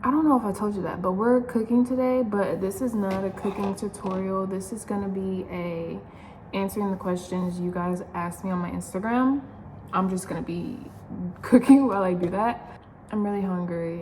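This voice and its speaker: A woman's voice: mid-range voice, a little mellow, echoey room, a little hiss or hum. A young pregnant woman chatting casually while she cooks in her home kitchen, rambling and laughing often. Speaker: vlogger.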